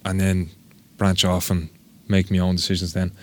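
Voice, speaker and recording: A man's voice: low-pitched, flat delivery, normal speed, no echo. An Irish man, a tattoo artist, telling stories in a casual interview, rambling and swearing freely. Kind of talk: casual podcast interview storytelling.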